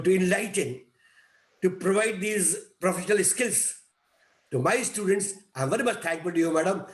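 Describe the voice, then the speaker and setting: Male faculty host, formal polite vote of thanks, roomy echoey sound. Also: sits high.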